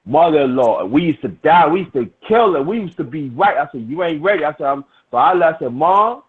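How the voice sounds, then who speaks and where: A man's voice: a little high, animated, a little fast, slightly rough. A middle-aged man telling a rowdy, profane story in casual chat, full of restarts. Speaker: storyteller in a hangout. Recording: tinny, phone-like lo-fi sound.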